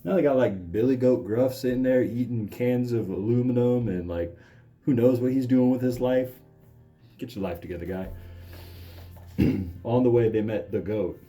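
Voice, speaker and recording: A man's voice: medium pitch, moderate pace, pauses often, soft background music. A man reading a children's book aloud and breaking off into sarcastic, mocking commentary. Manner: deadpan, mocking asides. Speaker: comedic reader.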